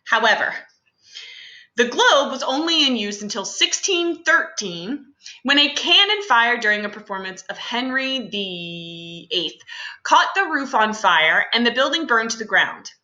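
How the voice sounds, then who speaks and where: A woman's voice: a little high, big pitch swings, unhurried, bright, forceful tone, roomy sound, dull audio. A young adult woman teacher talking through a class lesson in a chatty, casual way with many fillers and asides.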